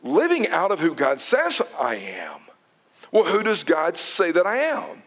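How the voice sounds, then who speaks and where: A male pastor delivering a sermon with a high, animated voice that swoops widely. He preaches dramatically and drops to hushed whispers to stress a point. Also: moderate pace. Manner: dramatic, dropping to whispers for emphasis.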